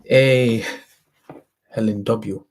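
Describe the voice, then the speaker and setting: A young man with a Ghanaian accent hosting a casual motivational talk, halting and rambling, often restarting his sentences. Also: medium pitch, steady tone, a little mellow. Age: young adult.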